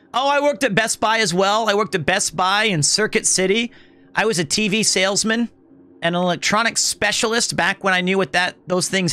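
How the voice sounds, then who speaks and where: A man's voice: sits high, pushed and bright. A man in his thirties chatting casually with viewers on a live stream, rambling through jokey, self-mocking stories.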